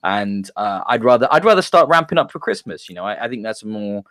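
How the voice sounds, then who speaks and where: A man's voice: fairly low pitch, expressive, quick pace, a bit bright, dry recording, clean studio sound. A man hosting a casual gaming podcast, upbeat and chatty, laughing easily with his co-hosts. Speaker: podcast host.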